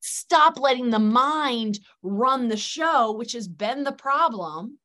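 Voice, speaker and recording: A woman's voice: fairly high pitch, animated, takes it slowly, pushed and bright. A middle-aged woman, a guest practitioner in an interview, speaking earnestly in long, flowing, emphatic sentences. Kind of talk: conversational interview.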